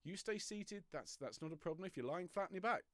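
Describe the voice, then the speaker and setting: A man leading an online choir warm-up from home, giving step-by-step breathing and stretching instructions with an encouraging, jokey manner. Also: sits high, expressive, fast, no echo, studio quality. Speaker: choir leader. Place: home room, traffic passing outside.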